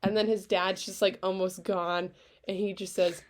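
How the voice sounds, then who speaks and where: Animated, swearing woman podcast co-host. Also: medium pitch, moderate pace. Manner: animated, swears freely, trails off and restarts. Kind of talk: casual chat.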